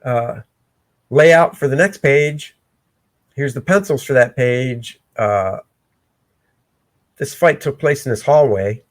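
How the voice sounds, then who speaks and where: A man hosting a casual livestream where he talks through his own comic pencils, excitable and breaking into shouts. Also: mid-range voice, takes it slowly, long pauses. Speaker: comic artist and show host. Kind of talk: casual livestream art commentary.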